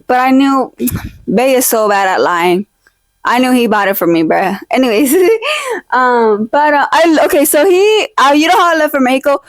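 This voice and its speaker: A woman's voice: high-pitched, no echo. A young woman vlogging from her decorated room at home, chatting casually into a close desk mic, rambling and jokey, full of fillers and teasing fake-outs. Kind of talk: casual chat. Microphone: own desk mic, held close.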